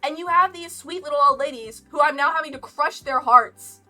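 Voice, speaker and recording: Bright young woman chatting casually. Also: high-pitched, brisk, distant mic. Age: young adult. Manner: chatty, rambling with many likes and laughs. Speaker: streamer. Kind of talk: casual storytime chat. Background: lo-fi game music.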